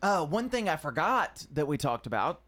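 A man's voice: on the high side, big pitch swings, moderate pace, heavy background noise. A man joining a morning radio show's banter, teasing and playful. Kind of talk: casual on-air banter. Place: radio studio.

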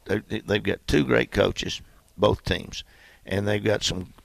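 Man, basketball coach, very gravelly low voice, dry close sound. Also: steady tone, slow, no room sound. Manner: folksy storytelling. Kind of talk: radio interview.

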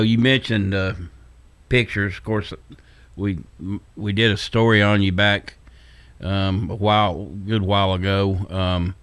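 A man hosting a sports radio show, asking calm, conversational questions. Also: on the low side, clean tone, dry recording. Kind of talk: radio interview.

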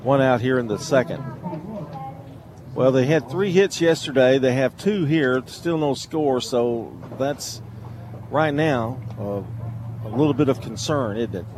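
Radio baseball announcer, male, conversational and teasing, noisy ballpark feed. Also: measured pace. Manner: chatty, jokey, tells stories between pitches. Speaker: play-by-play announcer.

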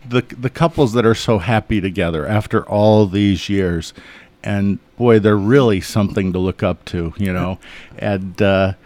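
A low-voiced man sits in a radio studio and tells funny stories about his patients. His folksy delivery is full of chuckles and quick impressions of the people in them. The sound is close and dry, with no room around it. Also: a little mellow, no echo. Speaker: eye surgeon guest. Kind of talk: relaxed anecdotal storytelling.

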